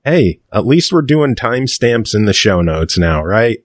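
A man with a low voice hosts a casual gaming podcast. He jokes, swears freely and laughs often. The sound is dry and close. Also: big pitch swings, measured pace, no room sound. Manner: profane, joking, laughs easily. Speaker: podcast host. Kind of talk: casual chat.

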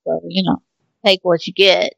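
Casting: male co-host, gravelly fry, dry close mic, relaxed and self-deprecating. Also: high-pitched, moderate pace, no echo, highs cut off. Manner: laid-back, self-deprecating, profane. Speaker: podcast co-host and shop owner. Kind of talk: casual chat.

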